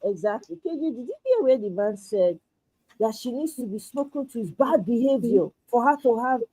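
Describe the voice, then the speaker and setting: A woman hosts a political chat in a raised, indignant tone. Her voice is a little high, husky and mellow, recorded dry. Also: expressive, normal speed, no room sound, low-quality recording. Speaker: host.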